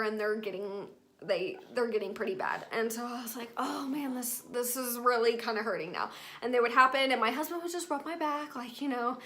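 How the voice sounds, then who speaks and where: A woman's voice: on the high side, bright, forceful tone. A young woman, chatting to her viewers as she tells a personal story in a casual vlog. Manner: chatty, addresses viewers as y'all. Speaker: vlogger.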